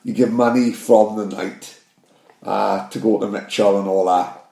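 A man's voice: lowish voice, fairly even intonation, gravelly, warm tone. A man chatting casually on a podcast, swearing freely and affirming often. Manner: sweary, chatty, backs the other up with quick yeahs. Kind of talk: casual chat. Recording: echoey room.

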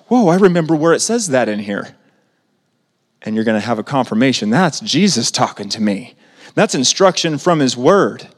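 A man preaching a sermon as pastor, conversational and animated, asking the congregation questions and swinging between loud and soft. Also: on the high side, long reverb tail.

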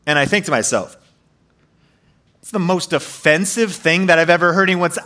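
A man telling his own story to an audience in an animated, emphatic way, full of fillers and restarts. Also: sits high, normal speed, pauses often.

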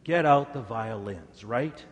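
A man preaching a sermon, swinging dramatically between loud emphasis and hushed words. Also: medium pitch, lively intonation, slow pace. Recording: echoey hall reverb.

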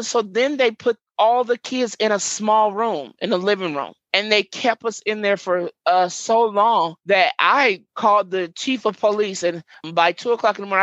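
A woman's voice: medium pitch, a bit bright, no room sound, muffled recording. A middle-aged woman telling her story in an interview, reliving events vividly and quoting what everyone said. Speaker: interviewee, mother and community worker. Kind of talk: emotional first-person testimony.

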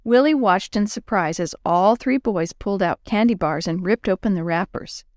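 A woman narrating a children's Bible story in a clear, expressive storybook manner. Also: medium pitch, normal speed, dry recording, studio quality.

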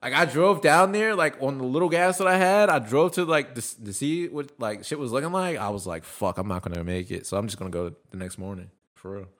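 A man's voice: mid-range voice, animated, a little fast, fairly bright tone. A man co-hosting a podcast, telling stories in loose, profane casual chat. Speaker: podcast co-host.

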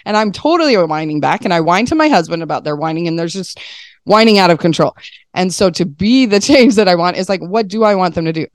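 A woman's voice: fairly low pitch, expressive, fast talker, dry recording, clean studio sound. A woman in her thirties, a mother of young kids, chatting in a self-mocking way and laughing often. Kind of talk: casual podcast chat.

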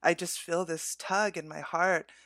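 A woman's voice: fairly low pitch, fairly even intonation, a little slow, fairly bright tone, no echo, clean studio sound. A woman co-hosting a faith podcast, telling a personal story in an earnest, heartfelt way.

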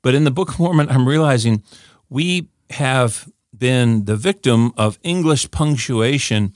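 An older man teaching scripture in an easygoing, eager way, often repeating a word as he restarts a thought. His voice sits at a middle pitch and sounds dry and close, with no room around it. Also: unhurried, no echo. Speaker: Bible teacher. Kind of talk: informal scripture teaching talk.

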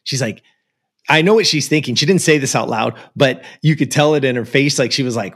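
A man's voice: mid-range voice, a little fast, fairly bright tone, breathy edge. A man from the United States telling a personal story as an interview guest, earnest and emphatic, with many casual fillers. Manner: earnest and emphatic, with frequent "like" and "you know".

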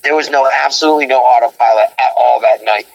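A man guest in a casual interview, telling road stories in an animated way, acting out quotes and laughing often. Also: mid-range voice, fast talker, creaky, low-quality recording.

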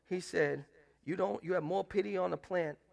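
In a church sanctuary, a pastor delivers a sermon at a moderate pace, his voice slightly higher than most men's and gravelly. He swings between loud, emphatic rises and soft, hushed quotes as he drives his points home.

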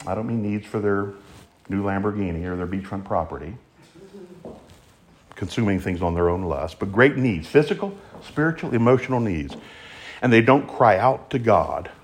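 A male preacher delivering a sermon in an emphatic way, building up to strong exclamations. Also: fairly low pitch. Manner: animated, emphatic, rises to exclamations.

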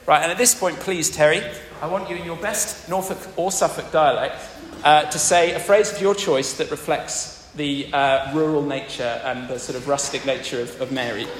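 Playful posh English vicar in an echoey church. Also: male voice, on the high side, normal speed, a little hiss or hum. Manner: playful, drawing in the congregation. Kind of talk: playful family sermon. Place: large church.

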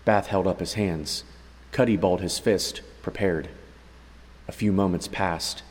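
A man narrating a story in a steady, even way, as an audiobook reader. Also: sits low, measured pace, big-room sound, low-quality recording. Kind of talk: scripted narration.

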